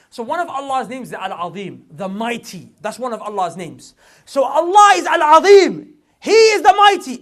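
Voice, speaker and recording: Animated high-voiced preacher. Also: male voice. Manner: animated, repeats points for emphasis, slips into street slang. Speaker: Islamic preacher. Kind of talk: lively religious lecture to a young audience.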